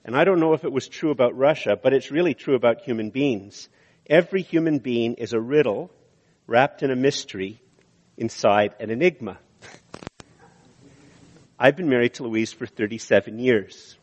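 An earnest pastor in his sixties preaches, building his points through repetition with frequent pauses. His voice sits at a middle pitch and carries a long reverb from a church hall. The sound is slightly dull. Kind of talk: sermon.

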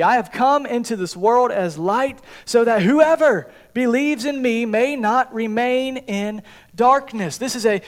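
A pastor preaching a sermon in church, earnest and pleading, repeating his questions to the congregation. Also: very high-pitched.

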